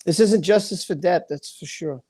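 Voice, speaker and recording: A man with a high, husky, dark-toned voice rants angrily on his livestream at a normal speed. He's emphatic and repeats himself, often tripping over words.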